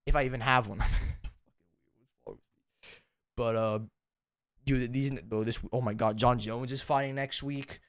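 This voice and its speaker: A man's voice: mid-range voice, steady tone, unhurried, long pauses, smooth, no room sound. A tired young man chatting casually in an unedited vlog, rambling, self-deprecating and cussing a lot, recorded at home on a desk mic. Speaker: YouTuber.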